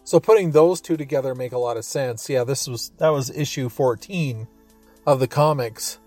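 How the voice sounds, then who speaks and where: A man's voice: mid-range voice, moderate pace, darkish tone, faint music behind. A man hosting a podcast, reviewing a show in a rambling, chuckling way with many fillers. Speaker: podcast host reviewing a radio adaptation. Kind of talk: casual review chat.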